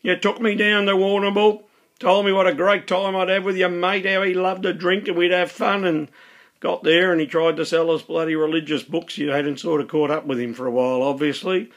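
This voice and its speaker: Australian man, casual joker, high-pitched with a gravelly edge, rambling birthday greeting. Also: flat delivery, fairly quick, fairly bright tone. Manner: joking, rambling, teasing. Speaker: friend sending a birthday message.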